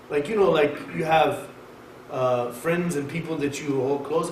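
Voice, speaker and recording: A man giving a conversational sermon at a mosque, lecturing in an emphatic, animated way. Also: a little high. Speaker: mosque speaker. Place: mosque hall. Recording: echoey hall, mic far off, faint hiss.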